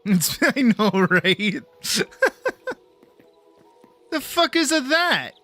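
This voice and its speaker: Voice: mid-range voice, very animated, slow pace, fairly bright tone, faint music behind. A young adult game streamer chatting casually and swearing freely while playing. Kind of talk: casual gameplay commentary.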